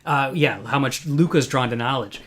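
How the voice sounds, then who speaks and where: A man's voice: mid-range voice, moderate pace, a bit bright. Enthusiastic man hosting a film chat. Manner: enthusiastic, many fillers and restarts. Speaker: podcast host. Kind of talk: casual live film review chat. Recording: live online video call.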